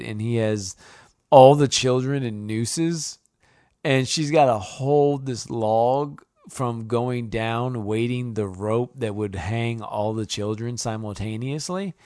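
A man's voice: medium pitch, unhurried, a little mellow, dry recording. A young man chatting casually as a podcast co-host, rambling, swearing, and laughing as he reviews a movie. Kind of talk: casual chat.

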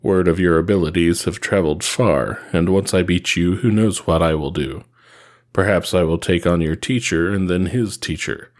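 A man's voice: low-pitched, moderate pace, lightly acted. A man voicing an arrogant, sneering warrior villain in a read-aloud story, with a taunting manner.

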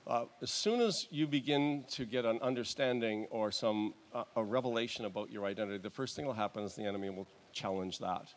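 Halting conversational male pastor preaching. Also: on the low side. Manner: conversational, halting, with restarts and chuckles. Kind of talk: sermon.

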